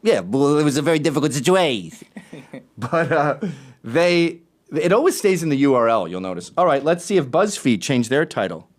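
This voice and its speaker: A male talk show host in an animated, sarcastic rant. His voice sits a touch high and swings widely in pitch as he riffs. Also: moderate pace. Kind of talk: casual talk-show monologue.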